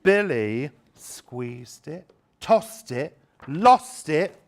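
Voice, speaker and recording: A man leads a workshop full of volunteers, his voice swooping up and down with theatrical delight. He speaks slowly, teasing the helpers and savouring each word. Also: fairly high pitch, very animated. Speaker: education trainer leading a seminar. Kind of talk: lively workshop demonstration with volunteers.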